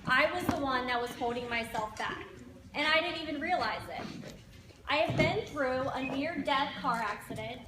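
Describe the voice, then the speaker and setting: A woman in her twenties telling her personal story of overcoming hardship, earnest and steady, as a member of a direct sales team. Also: high-pitched, moderate pace, distant mic. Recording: echoey room with background noise.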